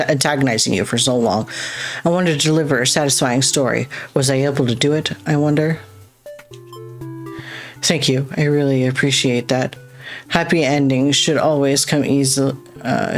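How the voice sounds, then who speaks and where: A gamer lends a voice to a masked game playwright who only tells tragic endings, speaking with courtly, theatrical politeness and a quiet melancholy underneath. The pitch sits in the middle, and soft game music hums far behind. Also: natural voice. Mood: gracious.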